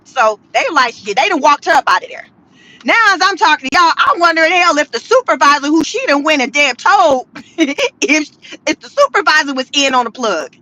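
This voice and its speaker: A woman chatting about the news in a high voice, slangy and animated as she turns the story into a performance. Her tone is bright and cutting, and she keeps calling out to her viewers. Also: moderate pace, dry recording, low-quality recording. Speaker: commentary vlogger. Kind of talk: casual commentary on news gossip.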